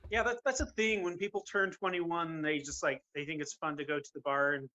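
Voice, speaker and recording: Guest guy from utah, bright kinda sharp voice, easygoing. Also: fairly high pitch, fairly even intonation, a little fast, lo-fi sound. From Utah, United States. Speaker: podcast guest. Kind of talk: casual interview chat.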